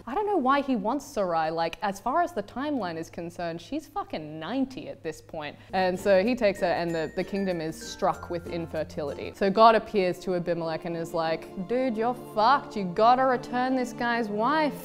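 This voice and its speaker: A woman hosting a podcast, retelling old stories in an irreverent, profane, animated way. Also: on the low side, moderate pace, hardly any pauses, faint music behind. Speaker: podcast host.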